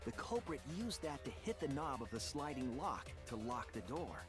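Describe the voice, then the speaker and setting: An actor playing a calm teenage boy detective in dubbed game dialogue, reasoning steadily and sounding certain. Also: medium pitch, normal speed, over music, close to an everyday voice.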